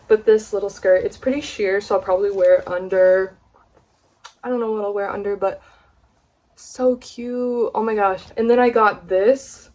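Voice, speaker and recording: A young woman from the United States, chatting excitedly in a casual haul vlog, gushing and swearing casually. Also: mid-range voice, moderate pace, a little hiss or hum. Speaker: vlogger.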